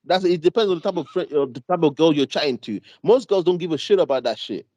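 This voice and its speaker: Man, British accent, animated storytelling, slangy, dry close sound. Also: on the high side, fast talker, no room sound, highs cut off. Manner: animated storyteller, laughs often, heavy slang. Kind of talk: casual chat.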